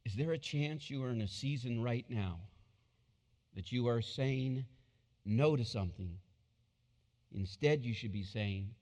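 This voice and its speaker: A man preaching a sermon, telling the story with animated delivery and repeated phrases. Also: mid-range voice, measured pace, long pauses, in a large hall. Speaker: pastor.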